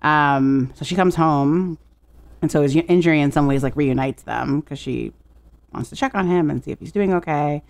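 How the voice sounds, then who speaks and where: A woman co-hosting a podcast in casual chat, retelling a film with animated storytelling, quick quoted voices, frequent laughs and casual swearing. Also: deep voice, vocal fry. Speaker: podcast co-host.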